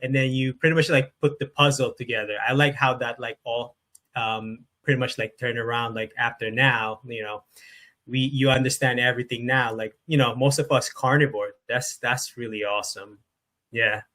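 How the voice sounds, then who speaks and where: A man's voice: medium pitch, fairly even intonation, moderate pace, bright, forceful tone. A man hosting a podcast interview, enthusiastic and casual, with frequent fillers like "like" and "you know.". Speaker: podcast host.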